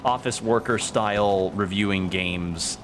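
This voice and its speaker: A man's voice: fairly low pitch, measured pace. A man streaming a game, chatting casually and rambling while he improvises comedy bits aloud. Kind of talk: casual gameplay chat. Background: faint game music.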